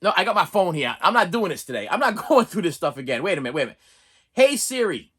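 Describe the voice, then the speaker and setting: Brief: male vlog host, chatty and rambling, with a lively, swooping, fairly high voice. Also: quick pace, breathy edge. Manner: chatty and animated, with frequent restarts and asides. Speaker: channel host and reviewer. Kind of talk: casual rambling vlog chat.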